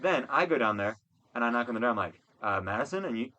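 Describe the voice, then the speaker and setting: A young man hosting a casual podcast from a college dorm room, telling a story in an animated, profane way. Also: mid-range voice, fast, highs cut off. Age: young adult. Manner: animated, profane, acts out quotes. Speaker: podcast host.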